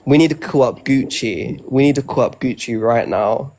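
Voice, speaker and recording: A man's voice: medium pitch, moderate pace, a little mellow, slight background noise. A man not from the US in casual live-stream banter, chatty and teasing, full of slang. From outside the US.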